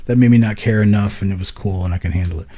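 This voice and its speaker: A man with a low, husky voice and a dark, mellow tone, chatting casually on a podcast. He tells his story with loose, profane energy and swears freely. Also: very fast. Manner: swears freely, lively retelling. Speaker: podcast co-host.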